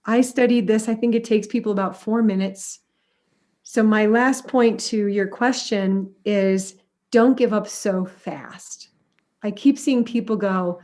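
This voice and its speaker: A middle-aged woman, a music therapist, talks through interview answers in an animated storytelling way. She drops into quick acted-out quotes of other people as she explains her ideas. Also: on the high side.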